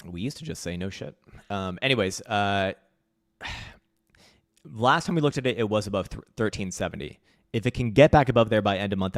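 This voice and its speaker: Low-ish guy ranting on a trading stream, cussing a lot and laughing at stuff, dry sound with no room. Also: lively intonation, normal speed, pauses often, dry recording. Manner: blunt, profane and mocking, laughs often. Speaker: crypto trading livestream host. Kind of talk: live-stream commentary reading viewer questions.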